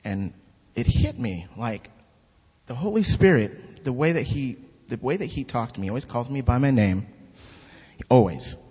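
A husky man tells his church testimony as an animated story, putting on the voices of the people in it. The sound is dull and lo-fi, with a long reverb from a large hall. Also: medium pitch, moderate pace. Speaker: church member giving testimony. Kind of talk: spoken testimony.

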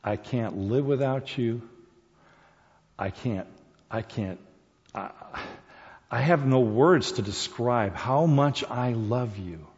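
A man voicing an earnest young man proposing marriage, speaking slowly and haltingly. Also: mid-range voice, a little mellow. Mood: tender. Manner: slow, halting, heartfelt. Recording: dull sound in reverberant hall.

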